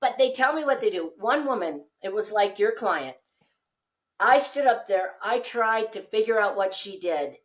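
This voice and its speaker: A woman speaking coach, a guest on a podcast, telling animated stories and acting out the dialogue. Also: medium pitch, moderate pace. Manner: animated storyteller, acts out quoted dialogue. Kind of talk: lively podcast conversation.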